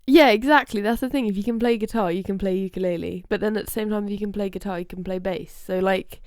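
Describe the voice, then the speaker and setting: A young woman co-hosts a podcast, chatting casually with plenty of filler words and self-corrections. Her voice is medium-pitched and a little mellow, and she talks quickly; the recording is dry and of studio quality.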